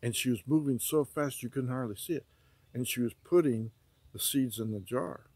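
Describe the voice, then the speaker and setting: A man's voice: medium pitch, moderate pace, dark tone, husky, no room sound. Earnest man telling a dream, dry sound. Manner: urgent, preaching warnings; vivid storytelling with many repetitions. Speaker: vlogger recounting a prophetic dream. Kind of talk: earnest spoken testimony.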